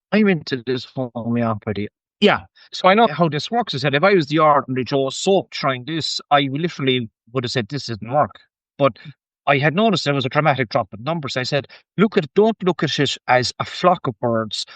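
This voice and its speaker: A man's voice: medium pitch, no echo. An Irish man who farms, telling an anecdote as a podcast guest and acting out what people said to him. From Ireland. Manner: animated anecdote-telling, acts out quoted speech, chuckles often. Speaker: guest farmer. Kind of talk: casual storytelling interview.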